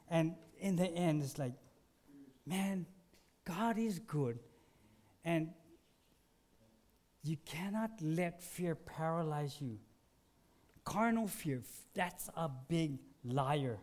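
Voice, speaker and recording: Conversational pastor with a lilt. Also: male voice, fairly high pitch, expressive, takes it slowly, pauses often. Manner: conversational storytelling, swings from hushed to emphatic. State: sore after surgery. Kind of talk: sermon.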